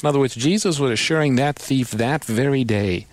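A man's voice: medium pitch, brisk, hardly any pauses, no room sound. Man hosting a call-in Bible show. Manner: patient, explanatory, quotes scripture. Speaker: radio Bible program host. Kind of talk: call-in radio Bible answers.

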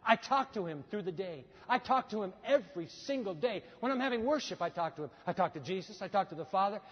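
Brief: high-pitched male pastor, lively acted-out storytelling, muffled hall sound with long reverb. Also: fast talker. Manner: animated storytelling, acts out quoted voices. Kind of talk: sermon.

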